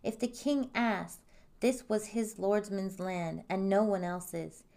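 A woman reading a fairy tale aloud in a calm, even storytelling manner. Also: medium pitch, takes it slowly.

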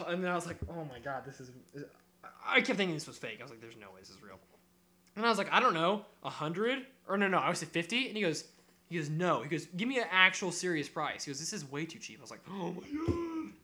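Bright-voiced young man telling a wild story. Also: a little high, fast talker. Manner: animated, swears a lot, acts out quotes. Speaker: podcast co-host. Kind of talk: casual storytelling chat.

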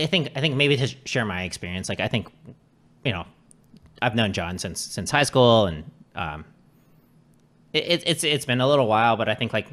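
A man's voice: fairly low pitch, fairly bright tone. A man in casual conversation, rambling with many restarts and frequent swearing, sharing his own experiences. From Canada. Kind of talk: casual chat.

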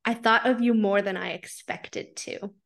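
A woman reading aloud the lines of a shy, tender young woman from a fanfiction story, in soft, earnest dialogue. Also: mid-range voice, steady tone, unhurried, creaky.

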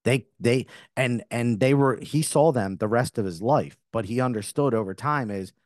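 Middle-aged male podcast host, mid-pitched, earnest and rambling, dry close sound. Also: normal speed, dry recording. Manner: earnest, rambling with frequent restarts. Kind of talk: spiritual podcast monologue.

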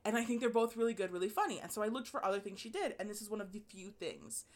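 A woman's voice: mid-range voice, expressive, fast. A woman in casual podcast chat, talking animatedly, laughing often and swearing as she raves about a book.

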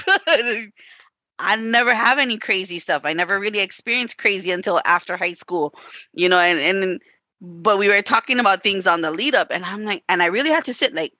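Her mid-range voice sounds pushed and bright at normal speed, recorded with no room sound. She's a podcast co-host in a relaxed chat, spinning stories with performed quotes and plenty of "like" and "you know."

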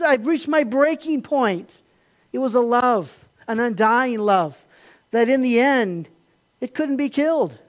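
A man preaching a sermon, building to emphatic peaks and then dropping to quiet retelling. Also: sits high. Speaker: pastor.

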